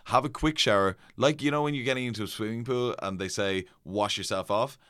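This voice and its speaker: A man's voice: lowish voice, brisk, fairly bright tone, clean tone, dry recording, studio quality. A man co-hosting a casual podcast, teasing his co-host and confidently explaining things.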